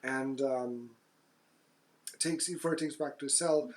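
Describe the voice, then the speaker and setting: A man co-hosting a podcast, recapping a movie plot in loose casual chat, with fillers and quick jokey asides. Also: medium pitch, steady tone. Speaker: podcast co-host.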